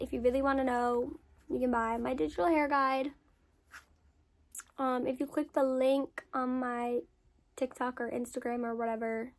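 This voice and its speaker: A young woman content creator telling a story in a casual Q&A, candid, swearing freely and repeating words for emphasis. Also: high voice. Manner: lively storyteller with emphatic repetition. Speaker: content creator answering follower questions.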